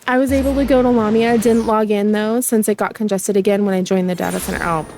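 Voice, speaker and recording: A young adult woman streaming a game in casual chat, chatty and excitable, often gasping. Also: medium pitch, quick pace, a little hiss or hum.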